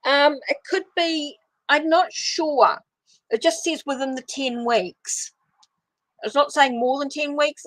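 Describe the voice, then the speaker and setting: A woman's voice: high voice, dry recording. A woman with a New Zealand accent giving a casual tarot reading on a livestream, thinking aloud as she draws cards. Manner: chatty, thinks aloud while drawing cards. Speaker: tarot reader.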